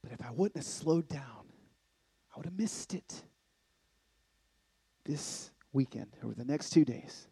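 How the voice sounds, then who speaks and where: A man preaching a sermon in an animated way, swinging from loud bursts to hushed lines. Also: medium pitch, unhurried, vocal fry, long pauses, husky, no room sound. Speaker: conference speaker.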